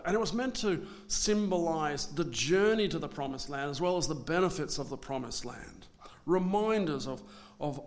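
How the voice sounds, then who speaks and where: A man preaching a sermon, swinging between loud dramatic declarations and hushed asides. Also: on the high side.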